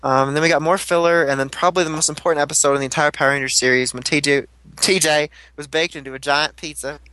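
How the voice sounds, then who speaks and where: Casting: rambling, foul-mouthed male podcast host with a slightly high voice, bone-dry close recording. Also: fairly even intonation, fast talker, pushed and bright, no room sound, rough recording. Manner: rambling, swears casually, many fillers. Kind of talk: casual recap chat.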